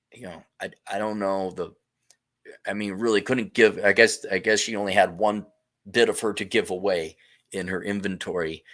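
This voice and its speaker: A middle-aged man hosting a casual livestream, reading viewer messages aloud and reacting bluntly with swearing and frequent laughs. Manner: blunt, profane, laughs often, shifts pitch and loudness a lot. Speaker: livestream host reading super chats.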